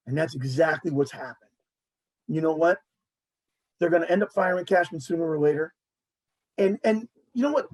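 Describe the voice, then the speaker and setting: A man, hosting a casual sports talk show and ranting in an animated way while mocking others' words. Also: a little high, moderate pace, long pauses, poor audio.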